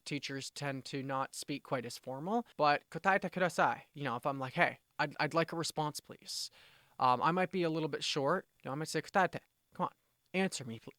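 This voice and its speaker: A man teaching vocabulary in a relaxed, explanatory way, restating points and acting out quick example phrases. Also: a little high, no echo, studio quality. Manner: explanatory, self-correcting, with brisk demonstrations. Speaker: language teacher. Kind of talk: casual spoken lesson.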